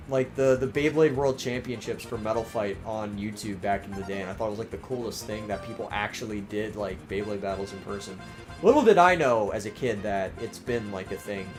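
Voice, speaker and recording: A young man hosts a livestream, chatting casually and reading out viewer comments in an accent that blends Maryland, Southern and New York-New Jersey. His voice sits on the low side and is starting to strain as he rambles, full of fillers and restarts.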